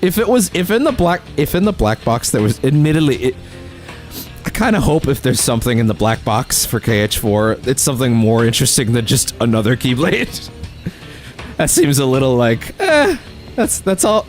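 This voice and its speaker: A man's voice: mid-range voice, big pitch swings, normal speed, soft background music. A man hosting a let's play on a studio microphone, rambling casually with lots of fillers and self-corrections. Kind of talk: casual gaming commentary. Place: home recording setup.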